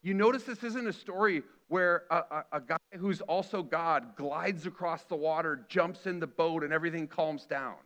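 A man's voice: fairly high pitch, moderate pace, hardly any pauses, a bit bright. A middle-aged man preaching a sermon earnestly, acting out the quoted lines with feeling. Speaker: pastor.

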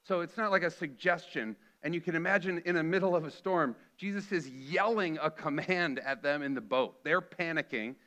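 A man's voice: a little high, normal speed, few pauses, bright, forceful tone. A middle-aged man preaching a sermon earnestly, acting out the quoted lines with feeling. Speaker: pastor.

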